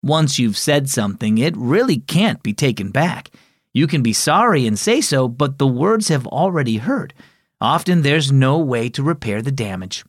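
A man voicing a calm father in a storybook tale, speaking patiently and softly. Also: mid-range voice, moderate pace, no echo, studio quality, close to an everyday voice. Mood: gentle. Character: calm, gentle father giving advice.

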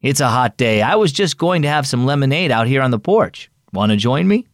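An actor playing a kind older male neighbor who speaks calmly and firmly to comfort a boy. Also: medium pitch, a little fast, no echo, studio quality, lightly acted. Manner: warm, steady, comforting.

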